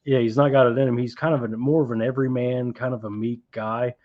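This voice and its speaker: A man's voice: mid-range voice, fairly even intonation, fast talker. Rambling man, lo-fi recording. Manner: rambling, laughing, lots of fillers. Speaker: film club podcast host. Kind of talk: casual film chat. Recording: dull lo-fi sound.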